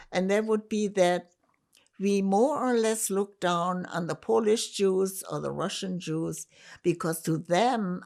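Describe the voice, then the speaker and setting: An older woman from Germany, giving an oral history interview in a slow, reflective way with pauses and restarts. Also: lowish voice, creaky, darkish tone. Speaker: interviewee, survivor.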